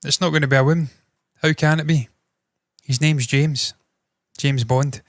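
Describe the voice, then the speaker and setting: A man's voice: a little high, fairly even intonation, moderate pace, no room sound, studio quality. A man hosting entertainment news, giving blunt, opinionated commentary with frequent swearing.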